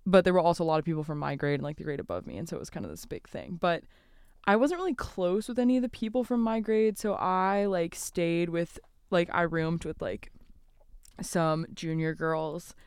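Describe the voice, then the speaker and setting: Smooth-voiced young woman, laid-back. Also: lowish voice, darkish tone, no room sound, clean studio sound. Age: young adult. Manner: laid-back storytelling with fillers. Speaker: podcast co-host. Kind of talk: casual chat.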